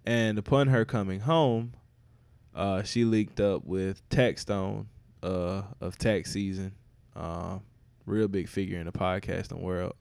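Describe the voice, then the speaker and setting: A man hosts a podcast in a relaxed, joking way, swearing freely. His voice is low and gravelly, and he talks slowly. The sound is dry and close. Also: no room sound. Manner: laid-back, profane, joking. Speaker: podcast host. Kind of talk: casual chat.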